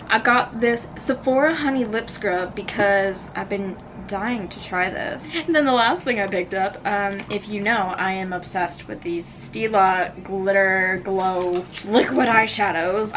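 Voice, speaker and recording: A woman's voice: mid-range voice, measured pace, few pauses, fairly bright tone, slight background noise. A woman in her twenties chatting casually to the camera in a vlog, bubbly and giggly. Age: 20s. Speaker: vlogger.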